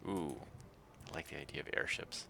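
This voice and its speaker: A man's voice: moderate pace, pushed and bright, a little hiss or hum. A man livestreaming a game, reading its text aloud and chatting casually with viewers. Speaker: streamer.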